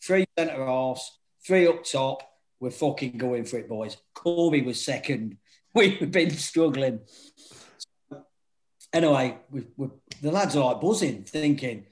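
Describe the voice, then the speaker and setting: Man, casual storytelling, swearing, lively quoted voices. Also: on the high side, moderate pace, poor audio. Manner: swearing, animated, acts out quotes. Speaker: former non-league football manager.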